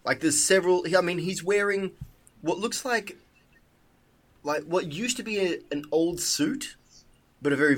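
A man's voice: on the high side, fairly bright tone. A man narrating as game master, rambling with frequent restarts. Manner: rambling, lots of fillers and restarts.

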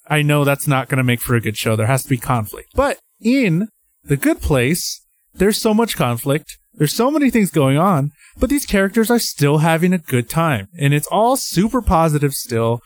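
A man co-hosting a podcast in casual chat, rambling and excitable, sometimes jumping way up in pitch. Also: moderate pace. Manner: rambling, excitable, jumps to high pitch when acting out his own thoughts. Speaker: podcast co-host.

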